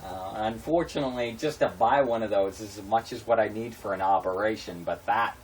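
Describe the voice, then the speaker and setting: Rambling low-voiced man hosting a show. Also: a little fast. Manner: rambling, full of fillers and restarts. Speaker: show host. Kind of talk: casual unscripted web-show chat. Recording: distant mic with faint noise.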